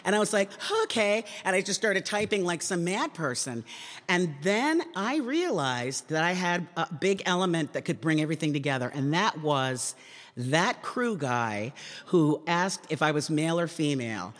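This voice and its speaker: A woman in her sixties, a comedian giving an animated, chatty storytelling talk to an audience in a lecture hall. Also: low voice, normal speed. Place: lecture hall at a public forum. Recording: reverberant hall sound.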